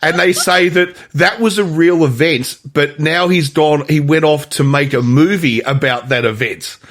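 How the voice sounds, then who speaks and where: A man's voice: fairly high pitch, a little slow, fairly bright tone. A man co-hosting a film podcast in casual chat, explaining at length with many restarts. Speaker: podcast co-host.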